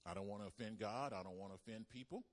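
A man preaching a sermon as pastor, animated, calling the congregation to respond. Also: on the low side, quick pace.

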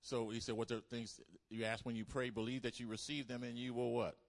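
A man preaches at a church service in a medium-pitched, level voice, talking a little fast. He repeats key lines for emphasis and calls on the congregation to answer back.

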